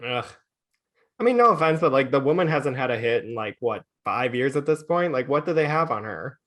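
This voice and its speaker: A man co-hosting a podcast in casual chat, animated and gossipy, leaning on "like" a lot. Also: medium pitch, fairly quick. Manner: animated, gossipy, heavy use of "like". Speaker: podcast co-host.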